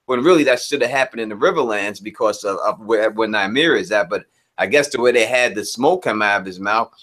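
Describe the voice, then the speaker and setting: A man co-hosting a live-stream review show, talking casually in a laid-back way and shouting out viewers in the chat. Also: lowish voice, fairly quick.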